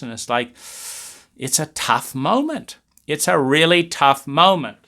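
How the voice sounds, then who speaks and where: A man's voice: a little high, lively intonation, a little slow, sharp tone. A man giving a lecture-style talk, speaking animatedly and acting out family scenes as he goes. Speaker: speaker on trauma. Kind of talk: lecture monologue.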